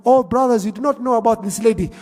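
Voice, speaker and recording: A man's voice: very high voice, quick pace, a little mellow, big-room sound. A man voicing a man at a hospital ward, speaking urgently and emphatically.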